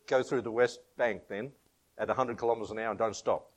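Aussie bloke preaching, middle-aged pastor, reads the bible then tells stories and laughs at them, easygoing. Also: male voice, mid-range voice, moderate pace. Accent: Australian. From Australia. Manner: chatty storytelling, laughs at his own anecdotes; reads scripture in King James wording, leads prayer. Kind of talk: informal sermon with Bible reading.

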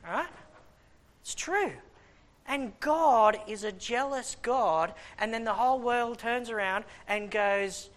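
A male preacher delivering a sermon in an animated way. He swings from shouted exclamations down to hushed, low asides and then back up again. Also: a little slow.

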